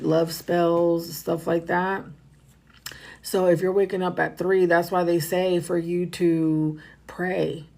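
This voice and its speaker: A woman's voice: on the low side, creaky, a little mellow. Woman, livestream reader, casual, rambling, repetitive, talks to her viewers. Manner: rambling, repeats herself, talks to viewers as "y'all".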